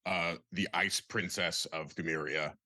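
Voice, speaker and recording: A man's voice: deep voice, fairly even intonation, a little slow, bright, forceful tone, dry recording, studio quality. A man playing a tabletop role-play game, rambling and joking with stammering restarts. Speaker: player.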